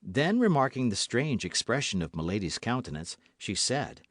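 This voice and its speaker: A man narrating a classic novel in a measured, expressive audiobook reading. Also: lowish voice, no echo, studio quality.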